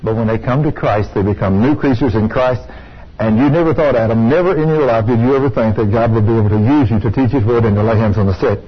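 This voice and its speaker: Husky preacher telling a story. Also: male voice, medium pitch, fast talker. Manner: storytelling, rising to excited exclamations. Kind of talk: sermon with testimony. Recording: dull lo-fi sound.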